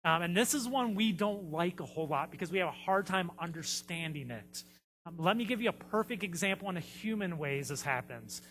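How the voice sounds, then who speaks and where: A man's voice: high voice, animated, fairly quick, fairly bright tone, long reverb tail. A man preaching a sermon as a pastor, telling stories in a conversational way with frequent fillers. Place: church sanctuary.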